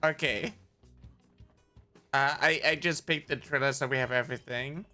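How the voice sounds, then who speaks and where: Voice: medium pitch, steady tone, bright, forceful tone, soft background music. A gamer chatting casually on a stream, giggling often. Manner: giggly, unhurried. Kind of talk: casual gaming chat.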